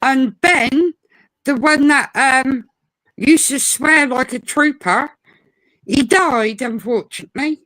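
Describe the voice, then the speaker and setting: A woman with a high voice tells lively, rambling stories in casual chat. She slips into quick imitations of a swearing parrot. The sound is dry and close. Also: no room sound, low-quality recording. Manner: animated storyteller, mimics a swearing parrot.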